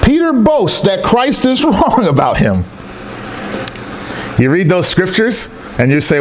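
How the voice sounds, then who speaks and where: At a church service in a rented hall, a pastor preaches in an animated, storytelling way, acting out the voices of the people in his stories. His voice sits high, his pace is measured, and background noise is present.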